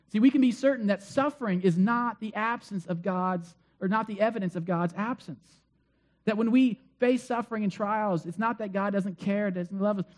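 High-voiced man preaching earnestly. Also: a little mellow. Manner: earnest, emphatic preaching with repetition. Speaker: pastor. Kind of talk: sermon.

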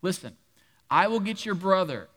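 A man voicing God in a lower, slower, measured tone. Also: lively intonation, a bit bright, big-room sound. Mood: patient. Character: God, patient and calmly commanding.

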